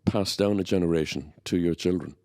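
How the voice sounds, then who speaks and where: A man's voice: low voice, fairly quick, darkish tone. A man chairing a panel discussion, putting probing questions to the speakers with some hesitation.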